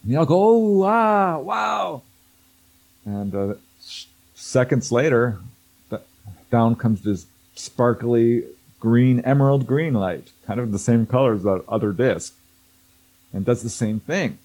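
A guest who researches contact stories tells a tale in casual conversation, acting out quoted voices and laughing often. His voice is medium-pitched, measured and mellow, heard through a low-quality recording.

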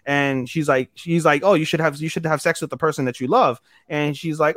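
A man's voice: a little high, fairly bright tone, no room sound, studio quality. A young man casually recapping an anime episode on a podcast, rambling and swearing, briefly acting out the characters' lines. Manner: rambling, profane, acts out character lines in quick voices. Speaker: podcast co-host.

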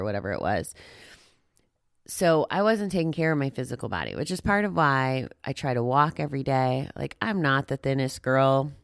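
A woman's voice: very deep voice, no room sound, studio quality. A woman talking casually to her listeners about recovering from gambling, rambling and self-deprecating, with frequent fillers. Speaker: podcast host on gambling recovery. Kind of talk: casual personal talk to listeners. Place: walking outdoors.

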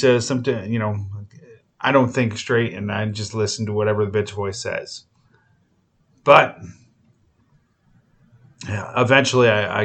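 A man's voice: on the low side, a bit bright. A man hosting a cooking show, talking casually and rambling, with lots of fillers and casual swearing. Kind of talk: casual motivational chat.

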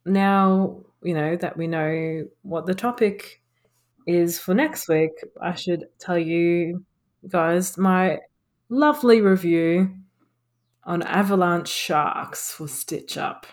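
A woman's voice: on the low side, takes it slowly. A woman co-hosting a podcast, reviewing a bad film in a casual, sarcastic way and swearing freely. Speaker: podcast co-host.

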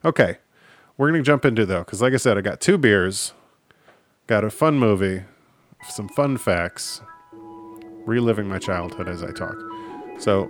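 A man's voice: fairly low pitch, lively intonation, a little slow, pauses often, faint music behind. A man in his thirties hosting a casual solo podcast, joking about himself and swearing offhandedly. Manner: jokey, self-deprecating, swears casually. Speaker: podcast host.

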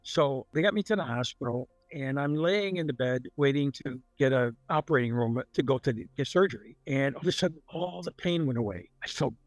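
A man's voice: mid-range voice, brisk, hardly any pauses, no echo. An older man telling a personal story in casual, rambling speech and acting out the lines he quotes. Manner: plain-spoken, rambling, acts out the dialogue he quotes. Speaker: guest recounting a near-death experience.

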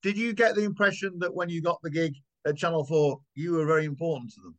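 A man who talks quickly and eagerly. He rambles and restarts as he interviews his guest, clearly enthusiastic about the subject. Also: fairly high pitch. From Yorkshire, England. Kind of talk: conversational interview.

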